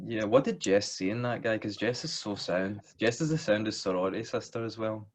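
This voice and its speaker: A man with a fairly low voice co-hosts a casual film-review podcast. He chimes in with short, relaxed comments. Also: a little fast.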